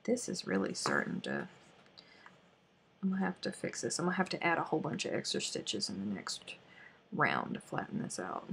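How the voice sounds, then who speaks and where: A woman's voice: sits low, huge pitch swings, normal speed, vocal fry, a bit bright, slight background noise. A woman with a Southern US accent chatting casually on a crochet live stream, sometimes counting stitches under her breath.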